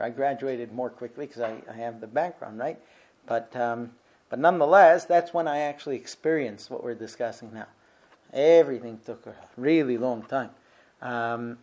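A middle-aged man teaching a relaxed lesson on Jewish prayer law, talking it through step by step with frequent restarts. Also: medium pitch. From Israel. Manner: conversational, restarts often, explains step by step. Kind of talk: informal Torah lesson.

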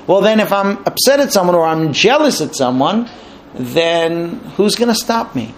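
A man giving a religious teaching, telling the story with animated, lively delivery. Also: sits high, normal speed, a little hiss or hum. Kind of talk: storytelling sermon.

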